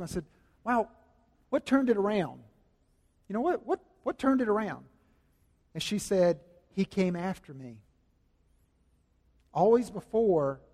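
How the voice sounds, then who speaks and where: High-voiced male pastor preaching in a hall. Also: darkish tone. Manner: conversational preaching with restarts and emphatic repetition. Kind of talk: sermon. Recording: reverberant hall.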